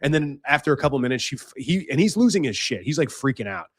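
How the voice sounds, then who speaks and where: A man's voice: medium pitch, very animated, fast talker, husky, no room sound, studio quality. A young man hosting a podcast, giving life advice in a blunt casual monologue, swearing freely and acting out voices. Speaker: podcast host.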